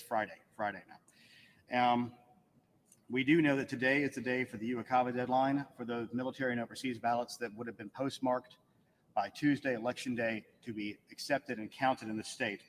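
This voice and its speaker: A man's voice: medium pitch, slight background noise. A man, an election official giving a matter-of-fact press briefing and reading out figures with dry asides. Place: press room. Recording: echoey hall with faint room ambience.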